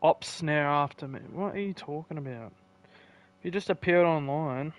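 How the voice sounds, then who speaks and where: Trading playful, defensive jabs with his viewers, this Australian-accented man keeps up casual chat while gaming live. He speaks at a moderate pace in a higher voice, and the recording has its highs cut off.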